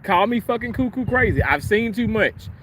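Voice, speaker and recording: Brief: high-pitched male streamer, heated and profane, outdoors with faint traffic noise behind him. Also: lively intonation, moderate pace, a bit bright. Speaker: livestream host. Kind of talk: angry livestream rant.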